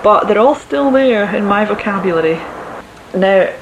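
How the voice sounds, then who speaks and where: A woman's voice: medium pitch, expressive, moderate pace, lo-fi sound. Scottish woman in her 30s, ayrshire accent, rambly casual chat full of ums, noisy recording. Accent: west of Scotland, Ayrshire. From Scotland. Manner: chatty, hesitant with frequent ums, laughs easily. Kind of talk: casual monologue about dialect. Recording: noticeable background noise.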